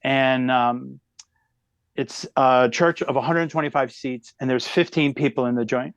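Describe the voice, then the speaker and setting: A middle-aged man, a comedian guesting on a podcast, delivers a long personal story in a smooth, medium-pitched, unhurried voice. The recording is dry with the highs cut off, and his animated telling shifts speed often.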